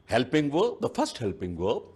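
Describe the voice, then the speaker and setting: A male teacher, giving a deliberate televised grammar lesson and saying "you know" often. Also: medium pitch, wildly swooping pitch, a little mellow, slightly rough. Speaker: English teacher. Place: TV studio.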